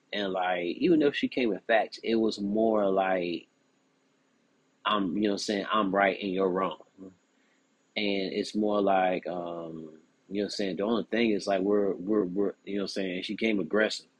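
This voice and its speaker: Husky young man with a lowish voice. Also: no echo. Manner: animated, frequent "you know what I'm saying". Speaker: podcast host. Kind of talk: casual commentary monologue.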